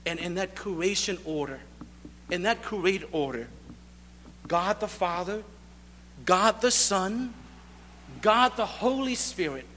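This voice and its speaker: A man's voice: high voice, sharp tone, in a large hall, a little hiss or hum. A male pastor preaching a sermon, emphatic and driving home repeated rhetorical questions.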